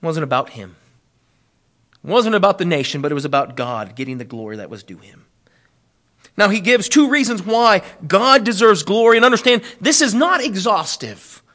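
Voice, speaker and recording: A man preaching an expository sermon, rising loud and high on appeals, then dropping low and soft, slowing on key phrases. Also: big pitch swings. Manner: preaching with wide swings in pitch and loudness, slowing on key phrases.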